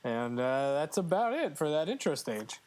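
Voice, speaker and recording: Man, podcast co-host, casual joking chat, slightly higher voice. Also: big pitch swings, normal speed, a little mellow, a little hiss or hum. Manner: chatty, joking, many fillers.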